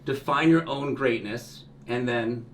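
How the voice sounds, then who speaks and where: A young man hosting an interview, enthusiastic and quick to affirm, sharing a short personal story. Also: medium pitch. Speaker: interview host. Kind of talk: casual interview. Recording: roomy, distant mic with faint hiss.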